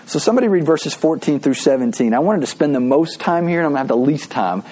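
A man's voice: fairly high pitch, expressive, fast, warm tone, breathy edge, rough recording. A man, a pastor, teaching a casual Bible study in an eager, chatty way, full of asides and restarts.

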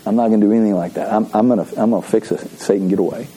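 A man's voice: lowish voice, steady tone, very fast, dark tone, slight background noise, poor audio. A man preaching a conversational sermon to his congregation. He repeats key phrases and asks the room to read scripture aloud with him. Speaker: pastor. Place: church service.

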